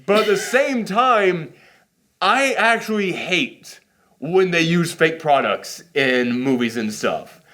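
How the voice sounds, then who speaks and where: Guy w/ a runny nose rambling about a movie, kinda high voice, casual chat. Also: expressive, slow pace, pushed and bright. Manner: rambling, self-deprecating, acts out quotes in silly voices. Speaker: movie reaction host.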